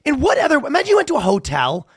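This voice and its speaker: Animated, high-voiced man telling stories. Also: racing, dry recording, studio quality. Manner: animated storytelling with acted-out quotes. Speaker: podcast co-host. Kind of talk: casual comedic chat.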